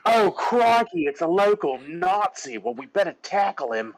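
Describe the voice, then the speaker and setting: A man's voice: sits high, sing-song, normal speed, vocal fry, no echo, pitched above the performer's own voice, full character voice, low-quality recording. A man doing a hammy mock-Australian chimney sweep. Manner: exaggerated, hammy comic bluster. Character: goofy blustering male Australian chimney sweep. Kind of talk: comic impression in casual chat.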